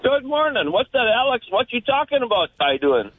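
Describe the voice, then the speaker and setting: A man's voice: very high-pitched, very animated, fairly quick, breathy edge. A man with a thick Minnesota accent, a farmer calling in to a radio show and chatting in a folksy, storytelling way. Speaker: caller, farmer. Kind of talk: casual chat on a radio call-in. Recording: tinny phone line.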